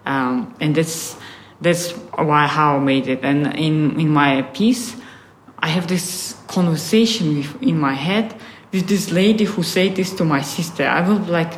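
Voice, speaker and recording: In a casual interview, a guest artist from Russia talks reflectively in a low voice at a measured pace, with lots of fillers and occasional frustrated cursing. Slight background noise and a roomy echo surround her.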